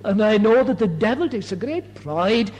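A man's voice: high-pitched, animated, moderate pace, darkish tone, in a large hall, low-quality recording. A man preaching a sermon from the pulpit, earnest and emphatic, piling up rhetorical questions.

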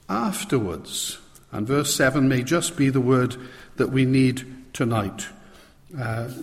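A man delivers a sermon at an unhurried pace, leaning on rhetorical questions to draw the listeners in. His voice sits in a medium register. The sound rings with a long reverb, as in a church hall. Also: medium pitch. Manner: slow, deliberate preaching with rhetorical questions. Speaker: preacher.

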